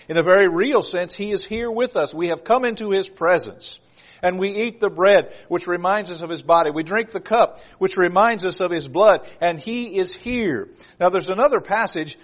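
A man preaching a sermon to his congregation, reading scripture aloud with slow, stressed emphasis and speaking to them in an earnest, direct way. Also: high voice.

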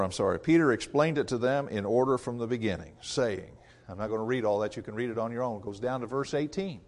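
A male preacher delivering a sermon in a folksy, conversational way, with emphatic bursts and a refrain he keeps repeating. His voice sits a little high for a man.

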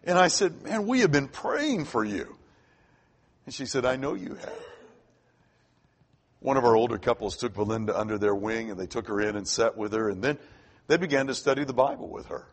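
A man's voice: medium pitch, lively intonation, brisk. An older man preaching a sermon, telling a personal story in a conversational way and often restarting his sentences. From Florida. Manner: conversational, repeats words when starting sentences.

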